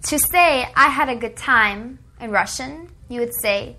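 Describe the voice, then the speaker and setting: A woman in a recorded language lesson, drilling phrases with slow repetition. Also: fairly high pitch, sharp tone. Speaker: language teacher.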